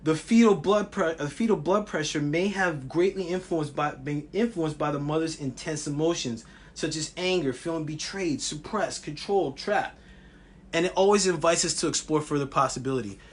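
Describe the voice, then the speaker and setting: A man vlogging a personal wellness story, passionate and animated, with frequent restarts. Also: a little high, moderate pace, breathy edge.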